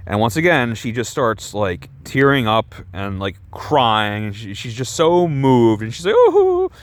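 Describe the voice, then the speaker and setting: A man's voice: on the low side, lively intonation, a little slow, smooth, no room sound. A man ranting casually about a movie, rambling with lots of "like" and sarcastic swearing. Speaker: movie reviewer. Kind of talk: casual film review rant.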